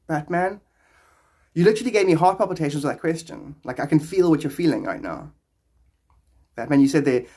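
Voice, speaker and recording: Male livestreamer with a fairly high voice on a phone mic, loose and rambling, laughs a lot. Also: a little mellow. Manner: laughs often, rambling and playful. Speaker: livestreamer answering viewer questions. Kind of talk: casual livestream chat.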